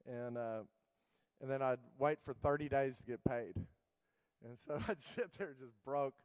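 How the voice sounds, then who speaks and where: A middle-aged man gives a keynote in a loose, storytelling way, piling up fillers and restarts. His voice is smooth and clear at an ordinary pitch. The sound is dry and close, with almost no room around it. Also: unhurried, dry recording, poor audio. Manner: casual, rambling anecdotes with many fillers and restarts. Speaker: keynote speaker.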